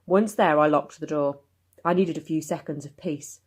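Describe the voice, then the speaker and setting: Woman reading a bedtime story, calm and steady, low voice. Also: moderate pace, slightly rough. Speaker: story reader.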